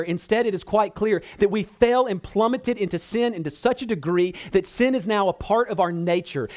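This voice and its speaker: Here a pastor gives a sermon to the congregation, calling them brothers and sisters with real earnestness. He alternates between pleading loudly and dropping into soft, low passages.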